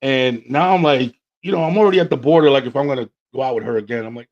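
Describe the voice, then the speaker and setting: A man's voice: mid-range voice, quick pace, lo-fi sound. A man hosting a podcast, telling a dating story in casual chat and acting out both sides of the dialogue. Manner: animated storyteller who acts out dialogue. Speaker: podcast host.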